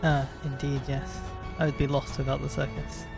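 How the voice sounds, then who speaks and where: A man voicing a mild, agreeable male circus performer who speaks softly, with clear music behind. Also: medium pitch, level tone, normal speed, close to an everyday voice. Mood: meek.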